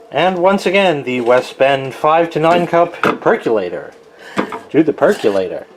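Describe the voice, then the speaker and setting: A man's voice: on the high side, a little mellow, slight background noise. A man chatting casually in a rambling, self-mocking way while filming a home vlog in his kitchen. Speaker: video creator.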